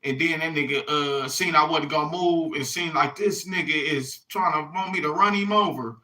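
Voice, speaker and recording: In a meandering, casual vlog, a man addresses his viewers, swearing liberally and repeating "you hear me." He has a slightly high, bright, sharp voice and a moderate pace, captured in a rough recording.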